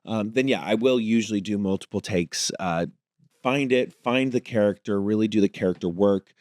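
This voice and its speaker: A man with a fairly low voice talks as an actor guest in a relaxed interview. He reflects as he goes, building his answers bit by bit. The sound is dry and close, with no room around it. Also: normal speed, no echo. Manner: thoughtful, works through ideas aloud. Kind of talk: casual interview conversation.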